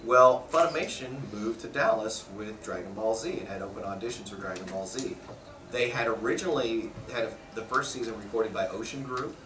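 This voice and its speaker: A man, a voice actor, telling stories casually in a convention press interview, animated and often laughing. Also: lowish voice, brisk, background noise. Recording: roomy echo, mic at a distance.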